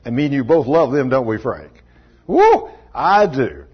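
In a dull, low-fidelity church recording, a pastor with a husky mid-range voice delivers a folksy sermon in a fairly quick, sing-song way. He chuckles often and names congregation members as he goes.

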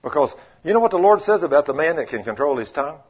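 A man preaches with a husky, somewhat high voice, telling homespun stories and voicing the people in them. He swings between thundering rebukes and quiet, confiding asides. The sermon comes through a dull, muffled lo-fi recording. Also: very animated, fast. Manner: folksy, acts out quoted voices, shifts between loud rebukes and quiet asides. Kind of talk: sermon with storytelling.

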